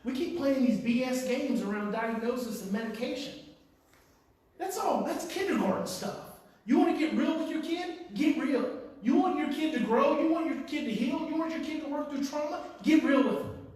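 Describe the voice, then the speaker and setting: A man speaks passionately to parents in a strikingly high voice, repeating his phrases and swinging from hushed to loud. He stands well back from the microphone, and a heavy room echo surrounds his words. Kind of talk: impassioned talk to parents. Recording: very echoey room, far from the mic.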